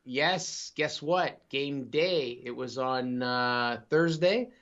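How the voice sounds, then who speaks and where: An easygoing man chatting on a gaming podcast, with a middle-of-the-road pitch. He rambles through his asides and chuckles often. The audio is dull and lo-fi. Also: drawn-out words, fairly bright tone. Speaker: podcast co-host. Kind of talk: casual podcast chat.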